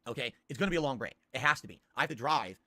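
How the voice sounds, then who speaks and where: A man hosting a live stream, reacting to old ads in crude, excitable casual commentary full of swearing. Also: medium pitch, rapid-fire, slight background noise. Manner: crude, swearing, excitable, bursts into loud laughter.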